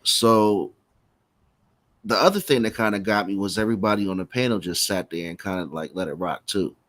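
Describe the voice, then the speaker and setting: Chill guy on a podcast, lowish voice, joking around and giving his take. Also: a little fast, a bit bright, no echo. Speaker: podcast co-host. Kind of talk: casual chat.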